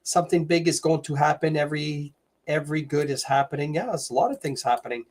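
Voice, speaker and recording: A man's voice: a little high, quick pace, a little mellow. A man from Canada hosting a casual livestream, rambling with lots of fillers as he greets viewers by name. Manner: rambling, filler-heavy, reads viewer names off a list. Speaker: livestream host.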